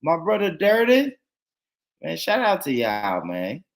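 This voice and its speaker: A man hosting a casual live stream, laid-back and laughing, rattling off shout-outs to viewers. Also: a little high, huge pitch swings, takes it slowly, creaky.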